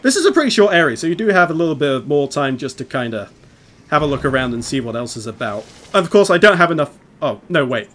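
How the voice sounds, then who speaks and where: Chatty higher-voiced man playing a video game. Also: sing-song, fast, a bit bright. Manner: chatty, rambling, laughs often while explaining. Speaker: let's play host playing the game. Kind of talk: casual gameplay commentary.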